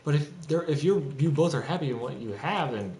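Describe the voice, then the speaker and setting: Young man, agitated profane rant, lively swooping pitch, slightly high voice, echoey room, faint hiss. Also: fairly quick. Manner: agitated, profane, rambling with restarts. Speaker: streamer. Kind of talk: ranting monologue.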